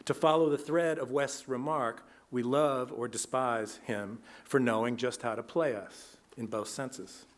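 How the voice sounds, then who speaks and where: A man delivers an academic lecture, reading steadily from a prepared text. His tone is measured and his pitch sits in a middle range. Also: fairly even intonation.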